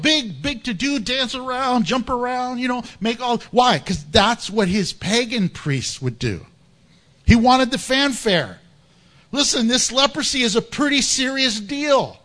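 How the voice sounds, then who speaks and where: A man preaching a sermon as pastor in a church, animated and humorous, laughing often and acting out Bible stories. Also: very high-pitched, a little slow.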